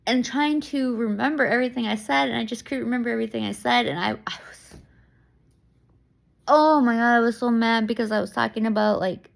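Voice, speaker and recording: A young woman talking casually to camera in a vlog, rambling and excitable, laughing often and restarting her sentences. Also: on the high side, creaky. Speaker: vlogger. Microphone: camera mic.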